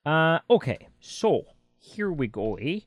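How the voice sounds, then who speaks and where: A man's voice: on the high side, big pitch swings, slow, no room sound, faint music behind. A man with a Canadian accent co-hosting a casual film review podcast, rambling and joking with many fillers. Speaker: podcast co-host.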